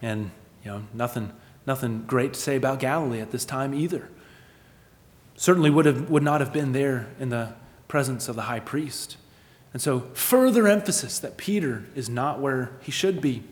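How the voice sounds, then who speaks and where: A man preaching a sermon, asking rhetorical questions and moving between emphatic lines and hushed ones. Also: medium pitch, moderate pace, big-room sound. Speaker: pastor.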